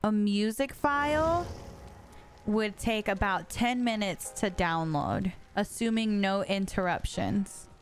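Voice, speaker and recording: Taking it slowly, this young adult woman chats casually while streaming a game over background music. Her mid-range voice is expressive, and she keeps up a playful, teasing manner with frequent laughter.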